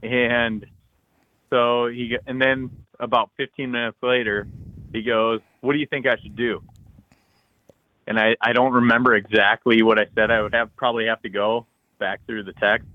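A man co-hosting a podcast, telling an excited hunting story full of acted-out quotes and loud bursts. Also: medium pitch, normal speed, no echo, narrow, tinny audio. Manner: animated, loud bursts, frequent "like", acts out texts and quotes.

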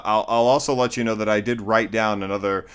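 A man's voice: on the low side, fairly even intonation, a little fast, fairly bright tone, clear, resonant tone. A man co-hosting a casual movie review chat in a dry, wry manner. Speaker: podcast co-host.

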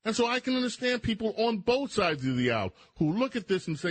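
A man's voice: sits high, big pitch swings, quick pace, few pauses. A man hosting a talk radio show, delivering an emphatic monologue straight to his listeners. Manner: emphatic, addresses listeners directly.

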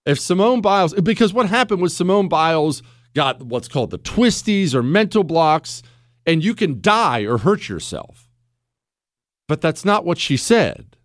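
A man's voice: on the high side, sing-song, measured pace, no echo. A man hosting a talk radio show, delivering a blunt, lecturing monologue into a studio microphone. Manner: blunt, lecturing, acts out other people's voices.

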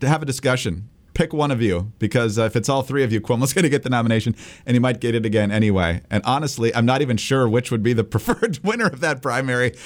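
A man's voice: medium pitch, expressive, fast talker. A man co-hosting a political podcast, commenting in a wry, dismissive way and reading the show's sign-off. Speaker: podcast co-host.

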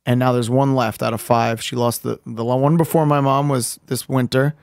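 A man on a podcast recounting a painful family story in a halting, candid way, restarting sentences and swearing casually. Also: medium pitch, fairly even intonation, no echo, studio quality. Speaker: podcast co-host.

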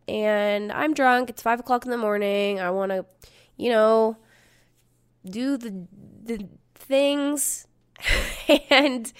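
A woman's voice: medium pitch, smooth. A woman in her thirties telling a story casually, cursing freely and acting out the quotes as she laughs through it. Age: 30s. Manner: profane, animated, laughing retelling with acted-out quotes.

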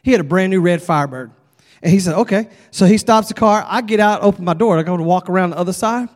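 A revival preacher with a rather high voice spins a folksy story for his congregation. His delivery is animated and homespun. The sound carries the long reverb of a church sanctuary. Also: fast. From Texas. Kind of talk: storytelling sermon.

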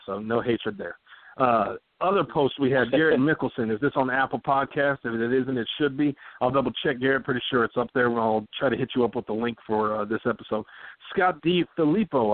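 A man's voice: mid-range voice, no room sound. A man co-hosting a casual podcast, joking around and reading out listener questions. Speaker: podcast co-host. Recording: dry, phone-like sound.

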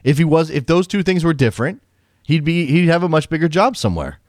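A man's voice: fairly high pitch, sing-song, brisk, a little mellow, no room sound. Rambling American man, dry close sound. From United States. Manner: rambling, self-interrupting, opinionated. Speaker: podcast co-host. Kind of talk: casual soccer chat.

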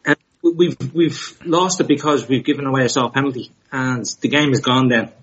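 A man of ordinary pitch weighs up football talk in a measured, reasoning way, often restarting his sentences. The sound is slightly muffled and lo-fi. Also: steady tone, fairly bright tone, a little hiss or hum. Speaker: podcast co-host. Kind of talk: casual football chat.

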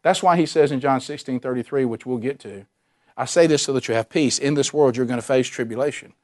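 A man preaching a sermon, animated and emphatic, repeating himself and dropping suddenly to a quiet voice. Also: mid-range voice, a little fast. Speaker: pastor.

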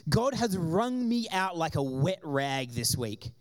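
A man's voice: on the high side, takes it slowly. A man from Australia preaching a sermon to his congregation, telling personal stories and acting out the voices of the people in them. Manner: animated storytelling, acting out quoted voices. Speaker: pastor. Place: church before a congregation.

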